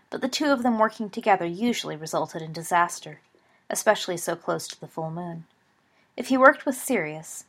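A woman narrating a story in a steady, even reading voice. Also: fairly low pitch.

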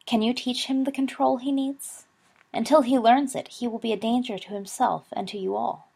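A woman's voice: on the high side, fairly even intonation, moderate pace, creaky, breathy edge, voice pushed up. Dumbledore, as a woman reads a courtly old wizard. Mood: calm, assured. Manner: courtly, gently assured. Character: elderly calm twinkling male wizard headmaster.

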